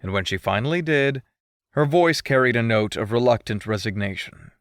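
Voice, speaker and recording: A man's voice: mid-range voice, lively intonation, moderate pace, dry recording, studio quality. A male audiobook narrator reading a first-person story with a mischievous, teasing manner.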